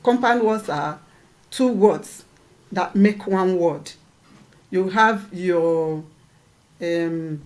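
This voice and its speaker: A woman's voice: on the low side, drawn-out words, pauses often, darkish tone. A woman teaching a lesson, patiently repeating points and checking that her students follow. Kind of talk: classroom lesson.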